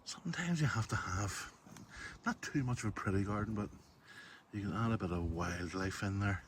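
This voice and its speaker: A Northern Irish man with a lowish voice gives a chatty garden tour, calling his viewers "folks" as he goes. He talks straight into a handheld phone outdoors, with faint noise in the background. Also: normal speed. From Northern Ireland. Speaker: garden vlogger. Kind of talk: casual walk-through garden tour. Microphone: phone camera held while walking.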